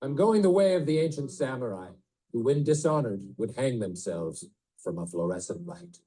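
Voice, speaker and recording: A man's voice: medium pitch, lively intonation, moderate pace, mellow, close to an everyday voice, rough recording. A man playing a pompous, melodramatic newsman. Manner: melodramatic, ends statements like questions. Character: pompous self-pitying male newsman. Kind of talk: film comedy scene.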